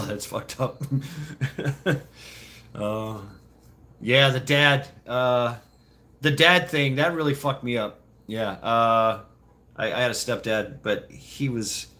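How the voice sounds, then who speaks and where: A man's voice: medium pitch, sharp tone. A man telling childhood stories casually to a live chat, laughing often and swearing freely. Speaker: streamer.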